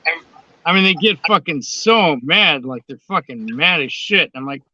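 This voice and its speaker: Casting note: a blunt man who swears freely, voice on the higher side, dull lo-fi recording. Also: lively intonation, moderate pace, sharp tone, slight background noise. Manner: blunt, swears constantly, drawling storyteller. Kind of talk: casual profane chat. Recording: dull, dry lo-fi sound.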